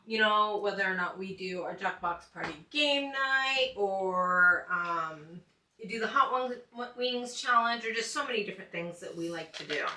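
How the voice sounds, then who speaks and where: A woman's voice: medium pitch, bright, forceful tone, distant mic, a little hiss or hum. A woman hosting a casual online chat show, upbeat and chatty, laughing often. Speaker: show host. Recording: echoey room, a little off mic.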